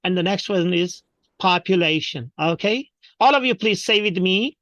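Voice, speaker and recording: A man's voice: high-pitched, expressive, normal speed, fairly bright tone, no room sound, highs cut off. A man with a Pakistani English accent, teaching pronunciation in an online workshop and drilling words for the class to repeat. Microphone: video call.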